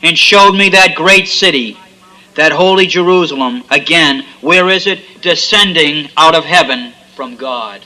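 High-voiced, ringing male preacher. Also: measured pace, bright, forceful tone, low-quality recording. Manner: fervent preaching, repeated refrains and frequent amens. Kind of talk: sermon.

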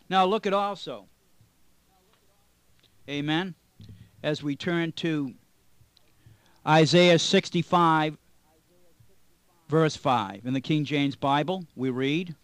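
A man's voice: a little high, clear, resonant tone, dry recording. A man as a pastor teaching a Bible study broadcast, reading scripture aloud with strong emphasis and tossing in "amen" asides. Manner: emphatic preacher, reads scripture aloud with stress; frequent "amen?" asides and small restarts.

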